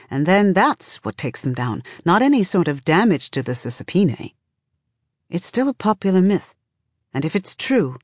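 A woman narrating a novel in the second person, telling it in a measured, vivid way. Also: sits low, a little mellow, no room sound, clean studio sound. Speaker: audiobook narrator.

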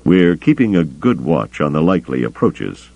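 A man voicing a calm, careful male smuggler leader in an audiobook, deep and gravelly. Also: no room sound, highs cut off, heavily acted. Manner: measured, deliberate.

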